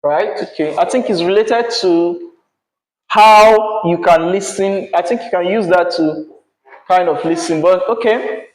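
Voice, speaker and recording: In an echoey classroom, a male teacher with a high-pitched voice speaks at a measured pace. He teaches patiently, often checking in with "yeah?" and "right?".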